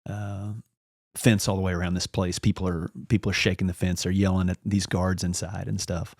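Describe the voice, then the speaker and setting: A man's voice: low-pitched, level tone, brisk, a little mellow, dry recording, clean studio sound. A man as a podcast guest, telling a long story in a casual, rambling way and acting out the lines of the people in it. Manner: rambling anecdotal, acts out quoted dialogue.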